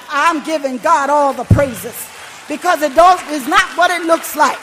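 A man preaching a sermon, building from calm to shouted, sing-song whooping cadence. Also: very high-pitched, measured pace.

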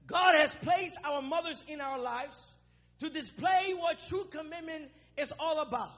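Very high-voiced young male preacher. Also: unhurried. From Africa. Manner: impassioned, bursts into shouting. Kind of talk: sermon with spoken-word poem.

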